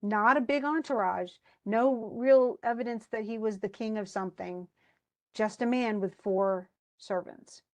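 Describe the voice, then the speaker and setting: A woman teaching a class, retelling a play in a lively, casual way with slangy asides. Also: fairly high pitch, measured pace.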